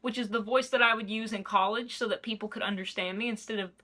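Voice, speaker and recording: A woman's voice: fairly high pitch, steady tone, fast talker, sharp tone. Chatty young Tennessee woman. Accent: Tennessee Southern. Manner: chatty, self-mocking, rambling asides. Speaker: book vlogger. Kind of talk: casual vlog chat. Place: home kitchen.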